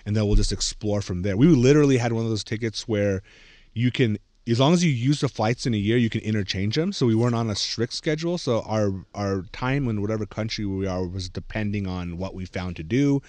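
A man's voice: on the low side, fairly quick, a little mellow, dry recording. An American man in his thirties, a podcast host, tells a story in casual chat, acting out quoted voices with many "like" fillers. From United States. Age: 30s.

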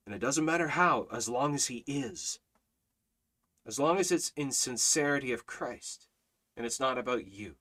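Guy preaching a bible study, bright forceful voice, keeps hammering the same point. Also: medium pitch, animated, normal speed. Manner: emphatic, repetitive exhortation with swings between loud and soft. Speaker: Bible teacher.

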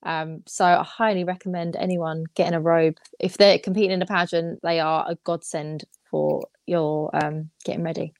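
A woman's voice: on the low side, flat delivery, normal speed, creaky, few pauses, no echo. A woman chatting casually as a guest on a podcast, with many ums along the way. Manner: chatty, filler-heavy. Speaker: pageant guest.

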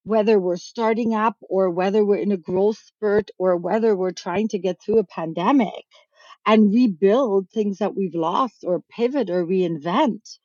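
A frank, emphatic woman coach explains her views in a podcast interview, her pitch sitting mid-range. The sound is dry and a little dull and lo-fi. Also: no room sound. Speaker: business coach and author.

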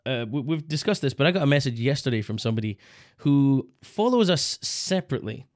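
A man's voice: mid-range voice, lively intonation, fairly quick. Chatty man who laughs a lot. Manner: laughs often, jumps into silly put-on voices. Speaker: podcast co-host. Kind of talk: casual banter.

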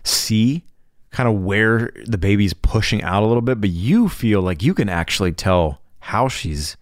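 A man's voice: fairly low pitch, animated, moderate pace, no room sound, clean studio sound. A man in his thirties co-hosting a podcast with his wife, chatting casually, easygoing and teasing, laughing often. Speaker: podcast co-host. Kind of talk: casual chat.

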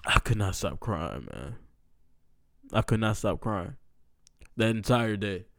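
A man's voice: on the low side, animated, slow pace, fairly bright tone, no room sound, studio quality. A man in his twenties telling a personal story in a casual, rambling way, full of slang and fillers, earnest and emotional. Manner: earnest, emotional recounting with restarts.

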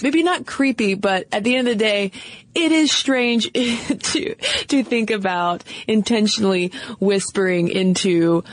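A woman's voice: mid-range voice, dry recording. Chatty woman podcast co-host, dry sound. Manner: chatty, frequent fillers and laughs. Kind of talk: casual podcast discussion.

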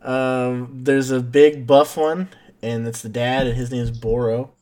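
A man's voice: medium pitch, level tone, measured pace, a little mellow. Jokey man recapping a cartoon episode. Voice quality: jokey, addresses cohosts by name while recapping. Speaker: podcast host.

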